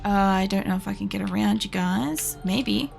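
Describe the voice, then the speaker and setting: A young woman with an Australian accent talks loosely over her gameplay, with a slightly gravelly, creaky edge to her voice. She rambles and drifts between thoughts, piling on filler words. Soft music plays faintly underneath. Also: medium pitch, moderate pace. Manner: rambling, filler-heavy storytelling with swearing. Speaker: streamer. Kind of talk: casual gaming commentary.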